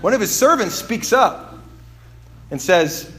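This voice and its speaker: A man's voice: sits high, lively intonation, moderate pace, slight background noise. Candid man preaching a casual sermon. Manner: candid, self-deprecating, rambling with many fillers. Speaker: pastor. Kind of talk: conversational sermon.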